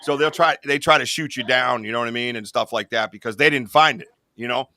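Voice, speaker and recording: A man's voice: medium pitch, fast, pushed and bright, a little hiss or hum. A man hosting a podcast in casual chat, rambling with lots of "you know what I mean.". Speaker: podcast host.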